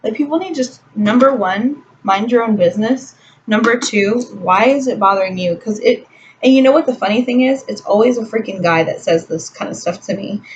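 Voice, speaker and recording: A woman's voice: fairly high pitch, a little fast. A young woman chatting through a makeup tutorial at home, ranting with casual swearing and lots of fillers. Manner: irritated, profane ranting with many fillers. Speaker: makeup vlogger. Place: home room. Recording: distant, dull lo-fi home recording with faint hiss.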